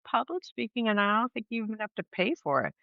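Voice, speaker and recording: A woman co-hosting a podcast, chatty and animated, laughing easily. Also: medium pitch, quick pace, vocal fry, dry recording. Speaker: podcast co-host. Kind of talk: casual chat. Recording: dull, dry, slightly lo-fi.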